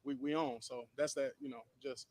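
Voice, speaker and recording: A man's voice: medium pitch, fairly even intonation, moderate pace, darkish tone, a little hiss or hum. A man, a professional football player, earnestly explaining his approach in an interview, with many "you know" fillers. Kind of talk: answering interview questions.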